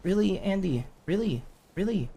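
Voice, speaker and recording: A man's voice: high voice, lively intonation, moderate pace, vocal fry, dark tone, breathy edge, full character voice. A man voicing an exasperated young man in an improvised game roleplay, pleading with his partner and tripping over his own restarts. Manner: pleading, repeats himself, stumbles over restarts. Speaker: roleplay character.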